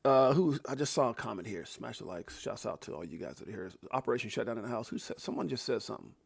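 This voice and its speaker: A man hosting a livestream, talking excitedly to his chat and repeating himself. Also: mid-range voice, fast talker, gravelly, slightly rough, no room sound. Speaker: livestream host.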